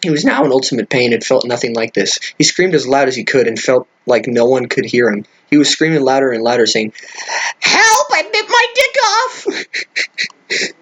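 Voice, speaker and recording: Reading a crude fan fiction aloud with commentary, this comedic male reader speaks quickly with few pauses in a husky, mid-range voice. He fumbles words and cuts in with incredulous, cursing asides.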